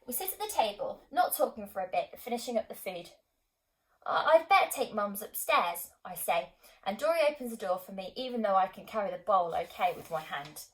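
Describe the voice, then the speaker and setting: A woman reads a novel aloud as an audiobook, in calm, measured narration. Her pitch sits in an ordinary middle register for a woman, and she tells the story steadily and clearly. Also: low-quality recording. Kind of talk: scripted narration.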